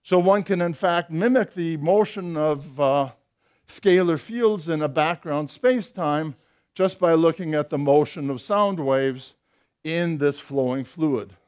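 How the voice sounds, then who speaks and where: A man's voice: on the high side, measured pace, darkish tone. An older man giving an academic physics lecture, explaining step by step with dry, wry humour and occasional hesitant fillers.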